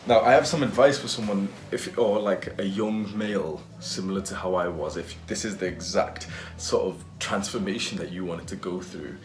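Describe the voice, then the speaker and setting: Deep-voiced casual young man vlogging. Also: moderate pace, hardly any pauses, soft background music. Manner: casual, loose and profane, with fillers. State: out of breath after push-ups. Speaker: fitness vlogger. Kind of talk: casual vlog talk.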